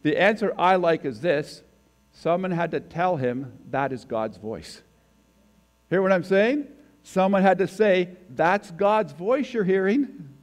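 A guest preacher addresses the congregation in a church sanctuary, speaking conversationally and asking them questions. His voice is high and animated, delivered at a measured pace.

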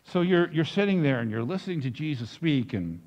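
Male pastor, storytelling sermon delivery, pitch all over the place, slightly muffled recording. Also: fairly quick, in a large hall. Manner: storytelling, animated, with restarts.

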